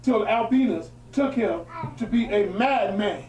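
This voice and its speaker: There's crowd noise as a high-voiced religious teacher, a little slow, reads from a historical text and breaks into emphatic, colloquial preaching asides. The room is echoey and the mic sits far from him.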